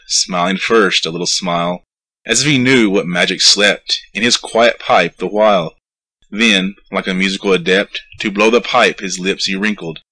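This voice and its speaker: A man reciting a narrative poem with a rhythmic, lively storytelling delivery. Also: low voice, breathy edge, low-quality recording. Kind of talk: poetry recitation.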